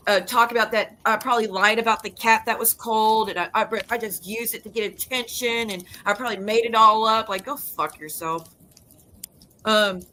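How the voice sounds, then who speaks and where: A woman vlogger in a fired-up, profane rant, blunt and emphatic as she stacks denial on denial. Her voice sits a little high and cuts with a bright, tense edge. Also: a little hiss or hum, low-quality recording. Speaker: YouTuber and live streamer. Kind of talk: casual vlog rant.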